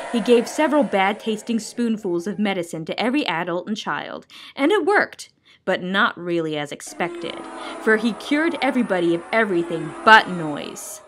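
A woman library storyteller reading a children's book aloud in a clear, measured, expressive way. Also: medium pitch, slight background noise.

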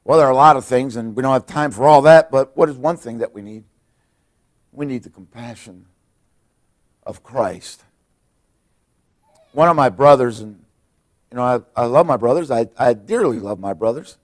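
A middle-aged male pastor preaching a sermon in a church, swinging between hushed, quiet passages and loud, emphatic ones. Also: medium pitch, normal speed, long pauses. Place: church sanctuary.

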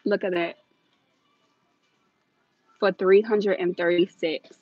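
A woman hosting a live shopping stream inside a large store, filming on a handheld phone and talking fast and chatty to her viewers while a little out of breath. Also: lowish voice, fairly even intonation, no room sound, soft background music. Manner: chatty, hurried, addresses viewers directly. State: slightly out of breath. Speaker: deal-hunting vlog host. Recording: dull phone audio.

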